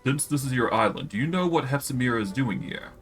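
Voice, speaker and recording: A man's voice: mid-range voice, lively intonation, brisk, faint music behind, natural voice. A man voicing a skeptical hero character in a video game, asking blunt questions dryly.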